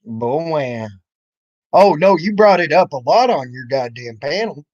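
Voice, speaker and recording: Speaking on the high side with an expressive, measured delivery and a slightly mellow tone, a YouTube commentator rants angrily at others. He mocks, confronts and swears freely, and the dull lo-fi recording is dry.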